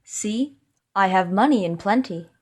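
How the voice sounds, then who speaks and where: A woman doing a calm young scholar. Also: medium pitch, unhurried. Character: clever young male scholar, calm and sure. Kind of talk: storybook reading.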